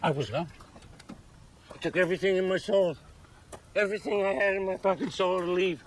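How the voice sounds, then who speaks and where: An actor playing a drunk, belligerent middle-aged trailer park supervisor in a TV comedy. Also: male voice, high voice, fairly even intonation, fairly quick, a little hiss or hum, close to an everyday voice. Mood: bitter. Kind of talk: TV comedy acting.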